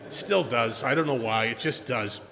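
An older man telling his own story at a recovery meeting, emotional and animated, acting out what people said. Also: mid-range voice, normal speed, gravelly, big-room sound. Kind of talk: personal storytelling talk.

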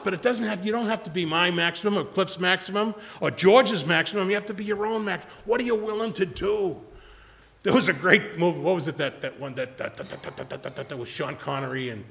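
A man's voice: on the high side, gravelly, bright, forceful tone, long reverb tail. An older man speaking at a recovery retreat, rambling and repeating himself, acting out quotes from others.

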